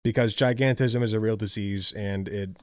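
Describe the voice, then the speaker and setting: A man's voice: fairly low pitch, fairly even intonation, moderate pace, a little mellow, clean tone, no room sound. A tired man live-streaming, chatting casually, rambling with lots of "like" and swearing.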